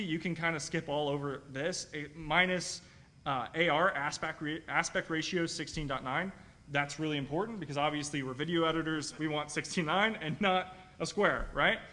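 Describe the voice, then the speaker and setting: A man presenting a live software demo to a room of video editors, talking quickly and casually and checking in with the audience. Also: a little high. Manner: quick and chatty, keeps asking "right?". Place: meeting room at a live user-group meet.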